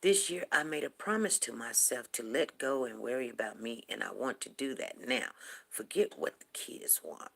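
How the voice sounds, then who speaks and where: Gravelly-voiced chatty woman in her fifties. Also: a bass voice, normal speed, slight background noise. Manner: rambling, chatty storytelling. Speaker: morning talk show host. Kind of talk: casual chat on a livestream.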